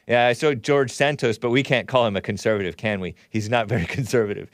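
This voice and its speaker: A man's voice: mid-range voice, quick pace, hardly any pauses, dry recording, clean studio sound. A man from Southern California hosting a talk show, reading viewer messages aloud with wry, sardonic asides.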